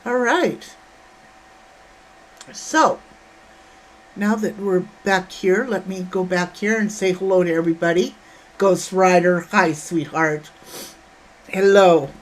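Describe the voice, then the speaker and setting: Speaking slowly with frequent pauses, a woman with a medium-pitched voice hosts a casual livestream from home. She greets chat viewers by name, calling them honey and sweetheart.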